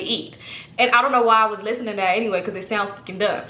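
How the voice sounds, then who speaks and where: A young woman, telling a funny story in a casual storytime, animated and profane, acting out the people she quotes. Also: a little high, fast talker, echoey room.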